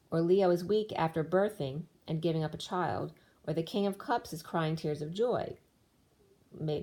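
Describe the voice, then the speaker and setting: A woman's voice: lowish voice, mellow. A woman doing a tarot card reading, rambling through the cards with restarts, her voice worn as she loses it. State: losing her voice. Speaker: tarot reader.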